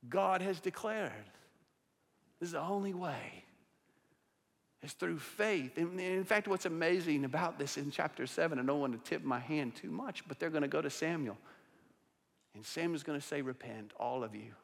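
A male pastor preaching a sermon to a congregation, swinging between loud declarations and hushed, intense asides. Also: fairly high pitch, moderate pace, vocal fry. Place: church sanctuary with a congregation. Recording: long hall reverb.

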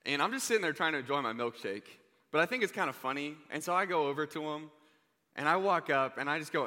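A young man preaching to a youth group, telling a story in a lively, joking way. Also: fairly high pitch, fast. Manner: energetic, joking, conversational. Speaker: youth pastor. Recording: reverberant hall.

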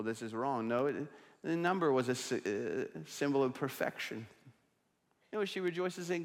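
Preaching man in an echoing church. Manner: emphatic preaching, dropping low to act out quoted figures. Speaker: pastor. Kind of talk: sermon. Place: church sanctuary. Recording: long church reverb.

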